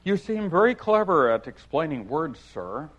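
A man voicing a polite, puzzled young girl in a soft, lifted voice. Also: a little high, sing-song, normal speed, voice pushed up. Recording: dull lo-fi recording.

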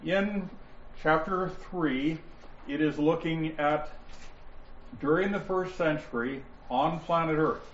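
A man teaching a Bible study class, explaining points deliberately and stressing key words, with listeners answering him. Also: a little high, a little hiss or hum. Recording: roomy, dull lo-fi sound with faint ambience.

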